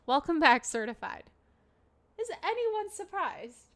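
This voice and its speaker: A woman's voice: high-pitched, slow, fairly bright tone, smooth, no echo. A woman streamer reacting live to a news video, emotional and exclaiming, swearing often.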